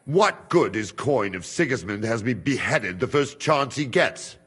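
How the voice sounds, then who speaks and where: An actor playing a steady, loyal guard who speaks in a calm, firm, measured way. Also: male voice, medium pitch, breathy edge, big-room sound. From Hungary.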